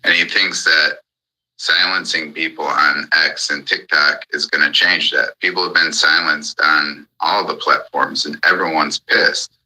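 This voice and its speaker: A man's voice: extremely low pitch, fairly even intonation, a little slow, sharp tone, low-quality recording. A man in an angry, profane ranting monologue on a live audio chat, hammering the same points again and again. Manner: furious, profane, repetitive.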